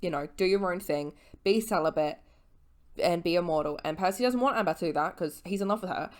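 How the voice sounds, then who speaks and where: A woman's voice: on the low side, quick pace. A young woman in her twenties, a little tipsy, giving a casual, rambling book recap as a vlogger, swearing and correcting her own slips.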